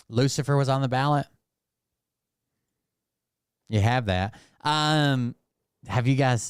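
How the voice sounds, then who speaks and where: A man's voice: medium pitch, slow pace, long pauses, clear, resonant tone, no echo, studio quality. A man doing casual, sarcastic live-stream commentary, mocking and swearing as he reacts.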